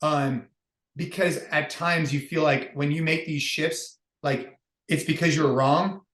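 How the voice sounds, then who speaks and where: A man's voice: a little high, fairly even intonation, a little slow, a bit bright. A man hosting a casual podcast chat as a fitness business founder, upbeat and reflective, talking in loose restarts. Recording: roomy echo.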